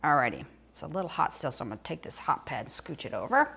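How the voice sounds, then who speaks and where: Older Southern woman, home cook, chatty and folksy, lowish voice. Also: big pitch swings, quick pace, creaky, pushed and bright, slightly rough. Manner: chatty, folksy, talks while eating. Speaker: home cooking vlogger. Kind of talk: casual cooking demonstration.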